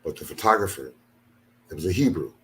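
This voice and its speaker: Tired from a sleepless night, an older man who leads a ministry delivers an angry venting monologue in his home studio, aggrieved, emphatic, and repetitive. He speaks briskly in a low voice with lively intonation and a fairly bright tone.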